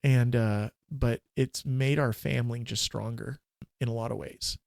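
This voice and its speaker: A man in his forties, a minister and podcast guest, telling a candid, emotional personal story in a halting way with many restarts. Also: mid-range voice, steady tone, gravelly, darkish tone, no room sound, clean studio sound.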